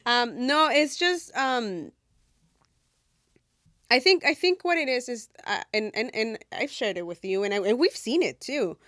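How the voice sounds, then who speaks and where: A woman co-hosting a podcast in casual chat, animated, repeating words as she thinks aloud. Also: on the high side, unhurried, no echo, clean studio sound. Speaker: podcast co-host.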